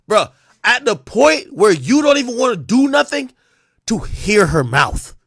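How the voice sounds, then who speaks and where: A young man ranting on a livestream, animated and profane, with frequent restarts. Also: very high voice, a little slow, breathy edge, dry recording, studio quality. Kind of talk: casual livestream rant.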